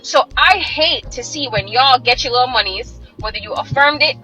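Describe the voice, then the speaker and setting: A woman's voice: high-pitched, moderate pace, bright, forceful tone, muffled recording, faint music behind. A woman speaking in a lecturing, scolding way.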